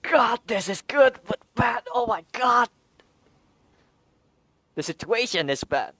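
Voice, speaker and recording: A woman's voice: on the high side, sing-song, takes it slowly, a bit bright, dry recording. A young woman streamer reacting emotionally to a game story, exclaiming as she watches.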